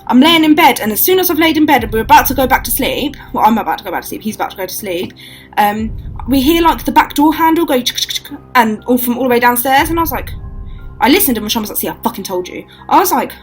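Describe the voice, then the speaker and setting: Young woman, swearing, animated storyteller. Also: on the high side, fast, faint music behind, rough recording. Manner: swears a lot, acts out quotes, animated. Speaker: vlogger telling stories. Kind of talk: casual storytime chat.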